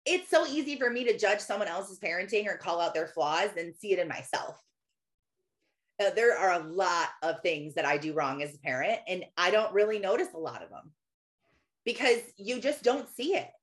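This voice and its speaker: A woman's voice: mid-range voice, expressive, normal speed. Chatty earnest woman in her thirties. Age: 30s. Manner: chatty, earnest, laughs often, acts out quotes. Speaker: Christian podcaster and author. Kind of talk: casual faith talk.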